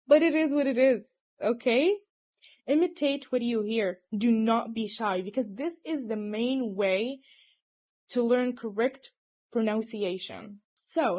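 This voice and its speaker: Young woman, slightly high pitch, casual and teasing advice-giver. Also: a little mellow. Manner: chatty, teasing, laughs often. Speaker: language tips presenter.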